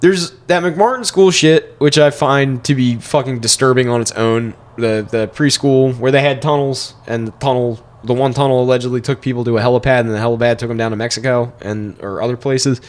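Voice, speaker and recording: A young man rambles through a childhood story in loose podcast chat, swearing freely. His voice sits at an ordinary middle pitch. When he quotes people, he jumps up into a higher voice. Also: steady tone, fairly quick, hardly any pauses. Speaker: podcast co-host. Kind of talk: casual chat.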